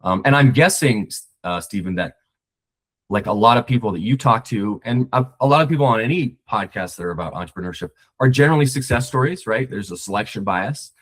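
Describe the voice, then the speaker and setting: A man's voice: fairly low pitch, animated, fairly quick, fairly bright tone. A man talking as a podcast guest, a screenwriter, reflective and rambling with many restarts. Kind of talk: casual conversation.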